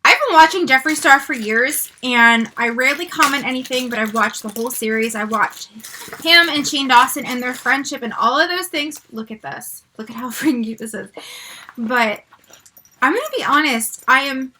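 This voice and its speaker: Unboxing vlogger, woman, 40s; gasps and squeals, high and bright. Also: normal speed, a little hiss or hum. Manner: excitable, gasping and squealing. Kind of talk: unboxing vlog.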